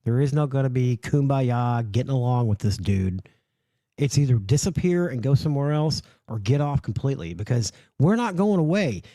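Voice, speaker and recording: A man's voice: medium pitch, animated, normal speed, dark tone, no echo, clean studio sound. A man hosting a livestream, ranting in a profane, mocking and heated way. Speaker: livestream host.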